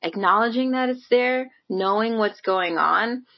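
A woman's voice: fairly high pitch, unhurried, pushed and bright, rough recording. A woman giving an earnest, encouraging motivational talk, speaking casually with frequent "like" and "right?" and laughing lightly between phrases. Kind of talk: motivational monologue to camera.

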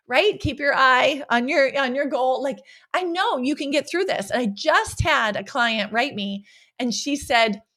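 Upbeat higher-voiced woman podcast coach. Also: a little slow, fairly bright tone. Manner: upbeat, playful, often ends points with "right?". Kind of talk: casual motivational podcast talk.

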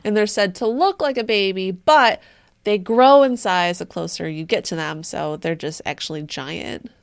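A woman co-hosting a podcast, retelling creepy folklore in a wry, deadpan way with casual swearing. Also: mid-range voice, moderate pace. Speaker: podcast co-host.

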